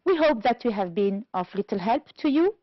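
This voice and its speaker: A woman from Algeria teaching an English lesson on television, speaking slowly and clearly and stressing each word for learners. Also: on the high side, animated, no room sound, highs cut off. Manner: slow, clear teacherly delivery, stressing words.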